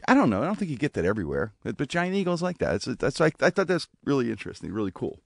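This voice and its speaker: A man telling family stories as a guest on a radio show, with an animated manner that acts out the voices of relatives. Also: medium pitch, very fast, vocal fry, slightly rough, no echo, studio quality. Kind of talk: casual storytelling. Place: radio studio.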